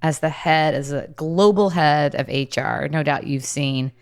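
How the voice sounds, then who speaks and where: A woman's voice: low-pitched, measured pace. A woman hosting a leadership podcast, introducing and interviewing her guest with eager enthusiasm. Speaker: podcast host.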